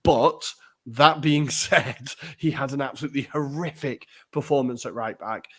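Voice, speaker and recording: A man's voice: medium pitch, moderate pace, a bit bright, breathy edge. A man co-hosting a podcast, chatting casually and animatedly about football, swearing now and then. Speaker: podcast co-host.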